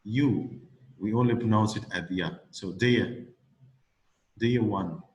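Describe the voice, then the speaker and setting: A man's voice: lowish voice, slow pace, low-quality recording. A man teaching English pronunciation, patiently modelling phrases for a student. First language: Arabic. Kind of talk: classroom lesson with a student.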